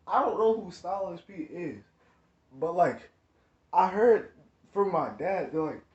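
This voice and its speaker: A young man tells a rambling, slangy story in casual storytime fashion, packed with "like" and "you know what I'm saying." His voice sits high with a darkish tone, animated but unhurried. The recording has an echoey room, a dull lo-fi quality and faint noise.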